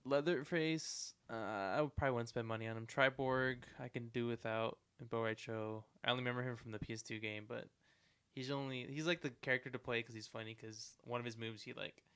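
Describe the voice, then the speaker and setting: A man's voice: medium pitch, fairly even intonation, a little fast, fairly bright tone, clean tone. A young man co-hosting a casual gaming podcast, rambling with lots of filler words. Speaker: co-host. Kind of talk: casual chat.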